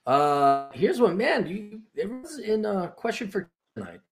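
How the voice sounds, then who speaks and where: A man's voice: high voice, very animated, measured pace. A man hosting a casual late-night talk show over a video call, ranting in a crude, sarcastic way. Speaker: show host.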